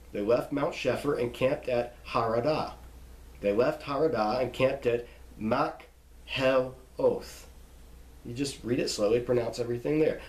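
Reading scripture names from a list at a slow pace, a mid-range male voice stops now and then to explain pronunciations like a teacher. The sound is roomy and the recording quality is low.

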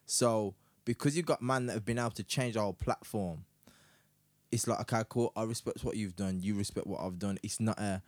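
A man's voice: fairly low pitch, fairly quick, darkish tone, dry recording. A man co-hosting a casual podcast chat, teasing the others. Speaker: podcast co-host.

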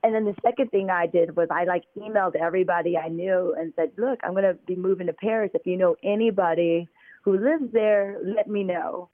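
Guest on a phone-quality line, chatty and filler-heavy, average pitch. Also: brisk. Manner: loose, filler-heavy speech with many "like" and "you know". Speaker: interview guest. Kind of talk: casual conversational storytelling. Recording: tinny phone-line audio.

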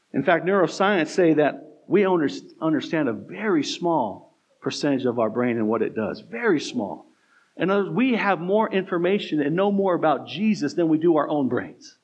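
Emphatic American preacher, slightly high. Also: male voice. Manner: emphatic preaching with repetition and rhetorical questions. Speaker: pastor. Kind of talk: sermon.

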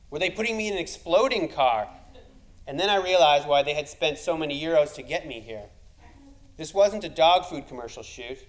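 A man's voice: on the high side, poor audio. A man telling a comic personal story, wry and self-deprecating, building to punchlines.

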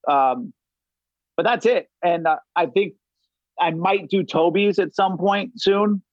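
A man's voice: high voice, takes it slowly, no room sound, dull audio. A middle-aged man from the Los Angeles area, chatting casually as a podcast guest in a rambling way, full of restarts and swearing. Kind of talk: casual chat.

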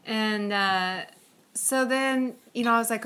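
A woman's voice: on the high side, moderate pace, fairly bright tone, slight background noise. A woman co-hosting a podcast, telling a story in a chatty way, with lots of fillers and giggles. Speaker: podcast co-host. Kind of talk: casual storytelling chat.

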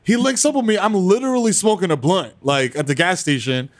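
A young man, telling stories in a slangy, animated way as a podcast co-host. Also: high-pitched, fairly quick. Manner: animated storyteller, slangy, laughs often. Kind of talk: casual chat.

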